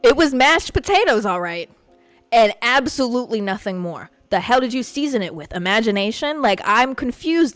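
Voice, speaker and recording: A young woman from a Puerto Rican family hosting a podcast, telling a story in a profane, animated rant. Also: on the high side, dry recording. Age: young adult. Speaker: podcast host. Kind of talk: casual storytelling monologue.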